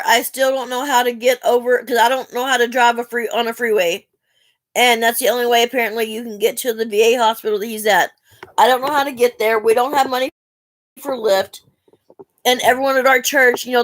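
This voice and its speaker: A woman's voice: fairly high pitch, a bit bright, no room sound. Earnest woman, dry sound. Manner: earnest, rambling, heartfelt. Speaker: vlogger asking viewers for help. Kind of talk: emotional personal talk to camera.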